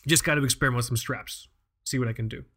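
A man's voice: medium pitch, fast, pushed and bright. A man co-hosting a podcast. He chats loosely, jokes, and swears freely while running through show business. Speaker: podcast co-host. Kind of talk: casual chat.

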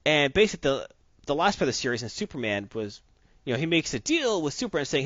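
A man co-hosting a casual comic book chat, opinionated and rambling, who slips into quick voices for the characters he describes. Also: on the high side, very animated, a bit bright, dry recording. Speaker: podcast co-host. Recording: dull lo-fi dry sound.

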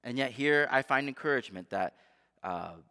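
A man preaching a sermon as pastor, conversational and animated, often asking his listeners rhetorical questions. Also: mid-range voice, moderate pace. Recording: long hall reverb.

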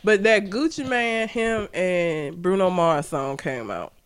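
A man with a very high voice co-hosts a loose podcast. His pitch swings widely as he rants bluntly and opinionatedly. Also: lively intonation, slow, smooth. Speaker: podcast co-host. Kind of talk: casual chat.

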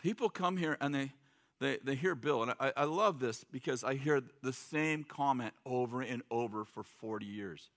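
A man's voice: mid-range voice, normal speed, fairly bright tone. A middle-aged man preaching a sermon in a loose, joking, conversational way, acting out quotes. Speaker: pastor.

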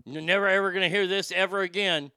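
Crude rambling man, gravelly. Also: high-pitched, steady tone, fast talker, sharp tone, no echo. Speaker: comedy show host. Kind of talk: stand-up style comic monologue.

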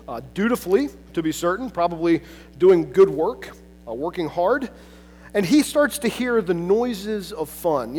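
A man's voice: high voice, a little mellow, big-room sound, slight background noise. A man preaching a conversational sermon in a casual, chatty way, full of asides and filler words. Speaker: pastor.

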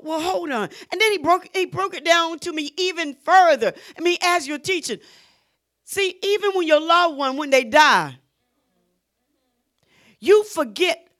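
A woman preaching a sermon, drawing out her words and rising to loud, emphatic peaks. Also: sits high, no echo, studio quality.

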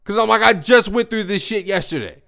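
A young adult man hosting a podcast, telling a profane, slangy story in a casual, animated monologue. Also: high voice, a little fast, gravelly. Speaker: podcast host.

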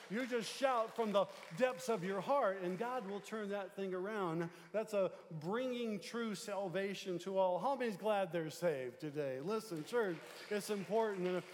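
A male pastor delivering a sermon in a church, preaching emphatically and moving between loud calls and low, quiet passages. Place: church sanctuary. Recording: long reverb of a large church hall.

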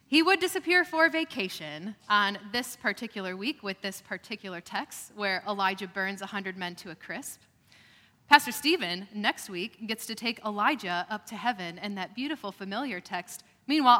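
Woman preacher, bright crisp tone, hall reverb, measured with dry humor. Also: medium pitch. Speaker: pastor. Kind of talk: scripture reading and sermon.

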